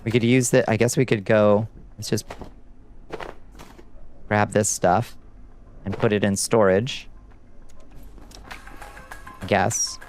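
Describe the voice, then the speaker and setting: A man's voice: on the low side, level tone, slow, pauses often, faint music behind. A man streaming a video game from home, chatting loosely with viewers and swearing casually, with lots of fillers. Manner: loose and profane, rambling with fillers. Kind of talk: casual gameplay chat with viewers.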